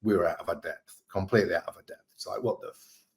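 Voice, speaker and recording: A man with a very low voice and an Australian accent, talking casually as a guest. He tells his stories in a relaxed, candid way and swears now and then. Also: fast talker. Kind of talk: casual storytelling chat.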